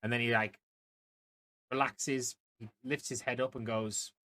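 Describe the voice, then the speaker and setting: A man's voice: medium pitch, steady tone, a little slow, bright, forceful tone. A man from the UK narrating a tabletop game as game master, rambling with many fillers and restarts.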